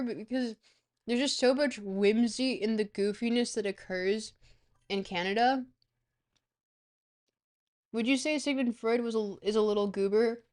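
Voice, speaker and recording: A woman's voice: a little high, a little mellow. A woman streamer in a casual livestream chat, goofy and rambling, swearing freely.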